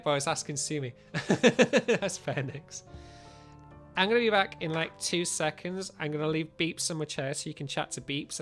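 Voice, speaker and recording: Guy streaming a game, kinda high bright voice, keeps thanking chat, pop filter mic. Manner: chatty, thanks viewers warmly and often. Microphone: studio mic with pop filter.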